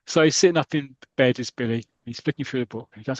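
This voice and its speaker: A man's voice: medium pitch, brisk, no echo. A man casually retelling a comic story, laughing often and acting out quotes. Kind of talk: casual chat, retelling with put-on voices.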